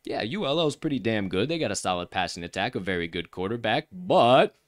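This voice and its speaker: A man hosting a casual sports betting show, hyping his picks, swearing freely, and swinging loud and soft. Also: animated, fairly quick, dry recording, studio quality. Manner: hype-filled, swearing, big swings in pitch and volume.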